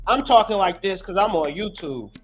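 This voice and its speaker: A man's voice: high voice, expressive, normal speed, faint music behind. A man hosting his channel, giving a profane, preachy monologue in an emphatic style. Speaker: host.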